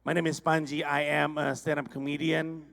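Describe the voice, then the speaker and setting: High, gravelly Indonesian comedian on stage. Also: male voice, flat delivery, normal speed, fairly bright tone. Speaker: stand-up comedian. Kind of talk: stand-up comedy set. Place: large conference hall with audience.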